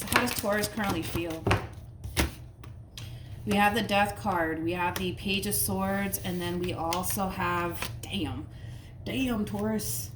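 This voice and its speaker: Woman tarot reader, casual, slangy, emphatic repeats; mid pitch, distant mic. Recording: roomy sound from a distant mic, faint noise.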